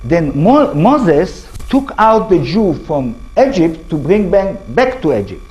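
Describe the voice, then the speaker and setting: An older man with an Israeli accent giving a lecture to an audience, in halting English, often restarting words and asking the listeners questions. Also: high voice, big pitch swings, a little mellow, slightly rough, soft background music, low-quality recording. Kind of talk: public talk to an audience.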